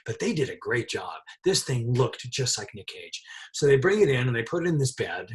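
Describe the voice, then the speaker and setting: A middle-aged man, a set dresser, telling a lively anecdote in an interview and laughing often as he talks. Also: mid-range voice, fairly quick.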